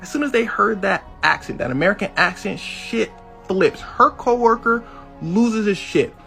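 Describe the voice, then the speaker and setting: A man telling a comic story with animated delivery, cussing freely and acting out the quotes. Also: high voice, normal speed, vocal fry, faint music behind.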